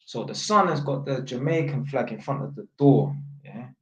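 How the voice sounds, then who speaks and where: A man's voice: medium pitch, moderate pace, reverberant, lo-fi sound. A young man telling a story in casual slang, acting out the voices of the people in it. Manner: animated, acts out voices, heavy London slang.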